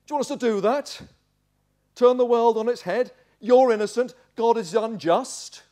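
A pastor acting out an exasperated male accuser who scolds a sufferer in a high, sharp voice. His words grow louder and more mocking, and he hammers each point home. It is a sermon delivered from a pulpit. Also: big pitch swings, unhurried, exaggerated voice. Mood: indignant. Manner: exasperated, mocking, rising to shouting.

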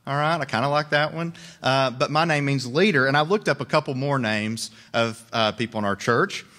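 A man's voice: medium pitch, moderate pace, bright, forceful tone. A young man, preaching a sermon as pastor in a conversational way with joking asides.

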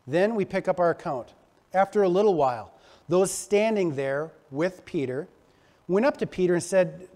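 A male pastor preaching a sermon, telling the story with animated energy and acting out the quotes. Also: high voice, normal speed.

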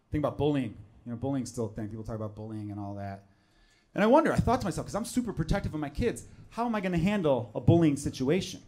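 A man, performing a stand-up comedy set on stage. He talks conversationally and jumps into loud, exaggerated voices when acting out other people. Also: mid-range voice. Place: comedy club stage with laughing audience.

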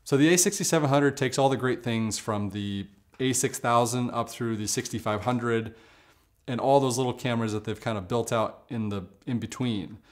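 In a camera review vlog, a man talks casually and conversationally at medium pitch and normal speed, filling his speech with fillers and side comments.

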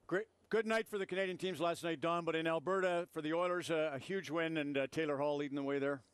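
A man co-hosting a hockey segment, briskly teeing up each topic for his partner. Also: fairly high pitch, clean tone, dry recording. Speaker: sports broadcast co-host.

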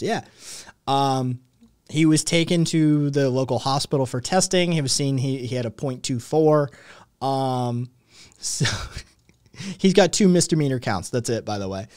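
A man hosting a podcast rambles through casual commentary, full of sarcasm and swearing. His pitch is average, and the sound is dry and close, with no room echo. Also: darkish tone. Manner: profane, sarcastic, rambling with many fillers. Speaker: podcast host.

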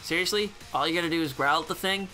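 A man's voice: a little high, fast, pushed and bright, soft background music. A man giving casual, sarcastic gameplay commentary, swearing freely. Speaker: gameplay channel host.

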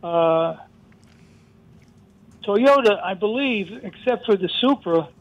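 A man's voice: high-pitched, animated, slow pace, dry recording, muffled recording. A man, a regular caller to a radio show, joking around and quizzing the experts. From New York. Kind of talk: call-in question.

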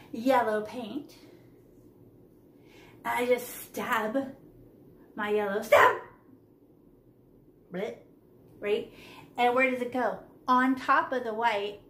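A woman's voice: a little high, fairly bright tone, reverberant, a little hiss or hum. Chatty, playful woman teaching kids to paint. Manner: playful, chatty, talks kids through each step. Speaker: art teacher. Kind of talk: live online kids' painting class. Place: home room on a video call. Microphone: laptop mic on a video call.

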